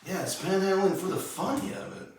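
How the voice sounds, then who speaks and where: A man's voice: high voice, animated, a little fast, darkish tone, recorded from a distance. A man hosting a casual comedic chat, laughing often and acting out voices. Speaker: podcast host. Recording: echoey room, off-mic, faint noise.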